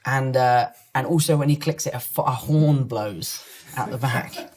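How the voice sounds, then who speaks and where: A man's voice: medium pitch, unhurried. A man with a London accent, chatting casually and joking as he answers fan comments about himself. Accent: London English. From London, England. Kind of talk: casual chat reacting to online comments.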